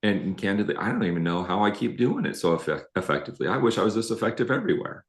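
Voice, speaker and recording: A deep, low-pitched middle-aged man on a live relationship show, telling stories in an animated, self-deprecating way. His voice carries a roomy echo from the space around him. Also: racing. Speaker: relationship coach co-host. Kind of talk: live-streamed conversational talk.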